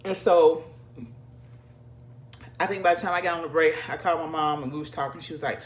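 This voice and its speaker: A woman with a low, husky-toned voice tells a personal story straight to her viewers. She talks animatedly and casually, calling her audience y'all. A faint hiss sits under the recording. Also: a little fast. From American South. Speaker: vlogger.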